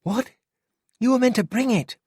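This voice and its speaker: A man voicing a fierce young Australian woman warrior, speaking in an impatient, sharp whisper with an Australian accent. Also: mid-range voice, animated, normal speed, slightly rough, no echo, studio quality, pitched above the performer's own voice. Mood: exasperated.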